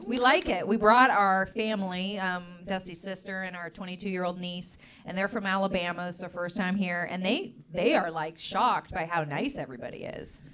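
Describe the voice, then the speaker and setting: A woman in her thirties co-hosting a live podcast on stage, chatty and quick to laugh. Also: on the low side, a bit bright. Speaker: podcast co-host. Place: comedy club stage before a live audience. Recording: live audience laughter behind.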